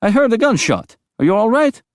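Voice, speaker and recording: A man voicing a brisk young male vampire who speaks quickly and sounds startled. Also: sits high, sing-song, dry recording, clean studio sound, voice pushed up.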